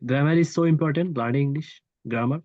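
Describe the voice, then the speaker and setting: A man's voice: fairly high pitch, no room sound, dull audio. Hesitant man from Bangladesh. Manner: hesitant, halting English with fillers. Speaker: freelancer learning English. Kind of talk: casual conversation.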